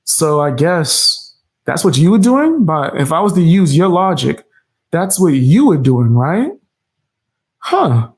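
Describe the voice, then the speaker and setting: A man's voice: fairly high pitch, big pitch swings, takes it slowly, slightly rough. A man hosting a reaction commentary, defiant and mocking, with casual slang and frequent laughs. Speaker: commentary channel host.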